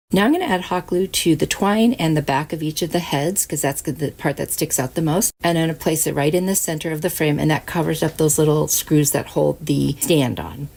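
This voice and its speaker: A woman hosts a craft channel, chatting casually and upbeat through each step of a project. Her voice is low, a little mellow, with vocal fry.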